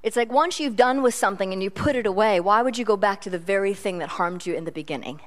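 A woman's voice: mid-range voice, quick pace. A middle-aged woman preaching a sermon in a chatty, self-deprecating storytelling way.

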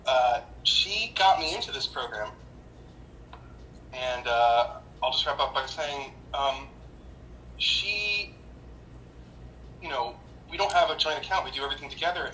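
A man's voice: mid-range voice, animated, bright, forceful tone, echoey room, a little hiss or hum, rough recording. Hesitant man sharing over a video call. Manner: halting, full of fillers and restarts, grows heated. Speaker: recovery meeting member sharing. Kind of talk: candid personal share at a support meeting.

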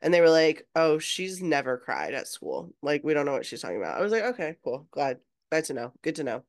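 A woman in her thirties co-hosting a podcast, telling stories in a lively way and laughing easily. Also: deep voice, brisk. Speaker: podcast co-host. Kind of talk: casual chat.

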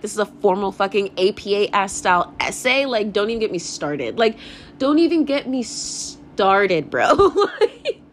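A woman's voice: a little high, slight background noise. A young woman hosting her own podcast, rambling in a casual confessional rant, swearing freely and laughing often. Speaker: podcast host.

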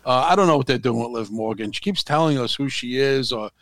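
A man's voice: mid-range voice, quick pace, no echo. A man co-hosting a podcast, making wry comments and chatting casually. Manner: laughing interjections, wry. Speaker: podcast co-host. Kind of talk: casual banter.

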